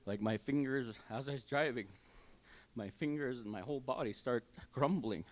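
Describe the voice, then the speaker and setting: An older man gives his personal testimony at a church service, telling it in a halting, heartfelt way with many fillers and restarts. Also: medium pitch. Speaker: church member giving testimony. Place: community hall church service.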